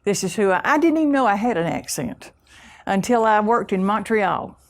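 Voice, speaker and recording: A woman with a deep Southern US accent, giving a humorous, folksy keynote talk full of self-deprecating stories and drawn-out vowels. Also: expressive. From Southern US (Alabama, Mississippi). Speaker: keynote speaker.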